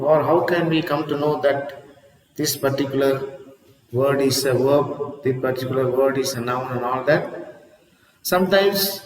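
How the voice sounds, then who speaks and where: Slow-speaking man teaching English, echoey room. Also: on the high side, distant mic. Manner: slow, deliberate, repeats himself. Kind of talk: online lesson.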